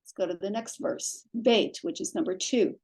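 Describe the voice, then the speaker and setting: A woman's voice: medium pitch, moderate pace, a little mellow. A woman teaching Biblical Hebrew, patiently spelling letters and vowels aloud one sound at a time.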